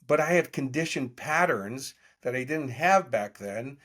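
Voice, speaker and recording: A man's voice: mid-range voice, unhurried. A man in his sixties, a podcast guest, telling stories in an interview and acting out the dialogue of the people in them. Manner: animated storyteller acting out quoted dialogue. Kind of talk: storytelling interview.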